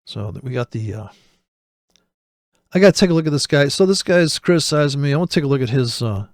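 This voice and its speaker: A man's voice: mid-range voice, expressive, fast talker, dry recording, studio quality. A man hosting a show, giving rambling, sarcastic, profane commentary while reacting to a video. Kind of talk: casual commentary.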